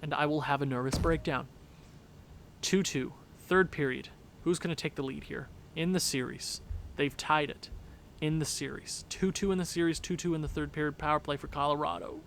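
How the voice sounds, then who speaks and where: A young man commentating a hockey video game with a worn-out voice, yelling and repeating himself at big plays. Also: on the high side, moderate pace, vocal fry, slight background noise. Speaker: gaming YouTuber. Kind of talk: excited play-by-play over a hockey video game.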